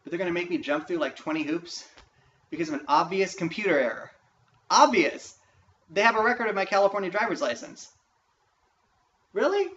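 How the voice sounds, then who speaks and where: A man's voice: high-pitched, fairly quick, fairly bright tone. A man in a frustrated, profane vlog rant, talking emphatically about his grievances. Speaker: vlogger. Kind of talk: ranting vlog monologue. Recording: echoey room, distant mic, dull faint hiss.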